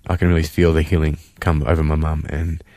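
Male guest, deep voice, earnest and halting, dry studio mic. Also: level tone, mellow, no room sound. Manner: earnest, halting, many fillers. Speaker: interview guest. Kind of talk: emotional faith testimony.

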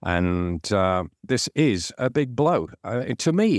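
Low-voiced hesitant football pundit, a man. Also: big pitch swings, slow pace, no room sound, clean studio sound. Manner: hesitant, many fillers and restarts. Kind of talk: casual studio chat.

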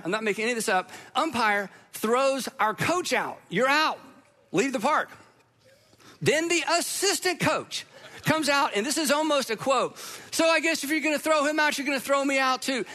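A man speaks to an audience in a fairly high voice, telling a story with animated, self-deprecating humor. His tone is bright and forceful. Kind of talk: storytelling talk to a live audience.

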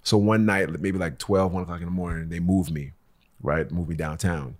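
A man's voice: deep voice, fairly even intonation, moderate pace. A man on a casual podcast telling a long story, acting out every quote and swearing freely as he goes. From Los Angeles local. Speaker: podcast co-host.

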